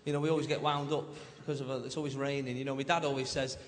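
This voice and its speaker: A man's voice: medium pitch, level tone, rapid-fire. A young man with a Manchester accent doing a stand-up set, chatty and cheeky as he banters with the crowd. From Manchester, England. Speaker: stand-up comedian. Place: large theatre stage. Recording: echoey live theatre with loud crowd laughter. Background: audience laughter and applause.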